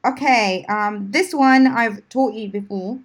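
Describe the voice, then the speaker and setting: Slow-speaking British woman teacher. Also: fairly high pitch. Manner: patient, spells words letter by letter. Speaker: English teacher. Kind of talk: live-stream lesson chat.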